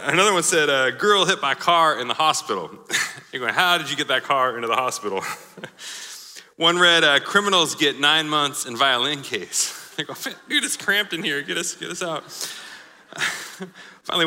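A man's voice: mid-range voice, bright, forceful tone. A man preaching a sermon, joking and laughing at his own examples. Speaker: pastor. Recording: live sermon in a hall with long reverb.

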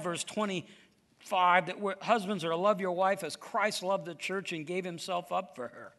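A man's voice: high voice, bright, forceful tone. A male pastor preaching a sermon in an emphatic, conversational way.

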